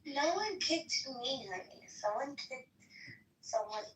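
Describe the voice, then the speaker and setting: A woman's voice: sits high, very animated, moderate pace, sharp tone, muffled recording. A woman chatting casually and teasingly in an online voice room. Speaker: chat room participant. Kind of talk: casual chat. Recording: echoey, distant from the mic.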